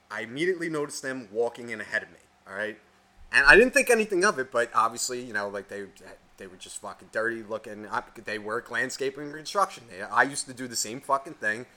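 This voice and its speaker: Swearing, animated man ranting on a podcast. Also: medium pitch, fairly quick. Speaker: podcast co-host. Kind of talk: casual profane storytelling.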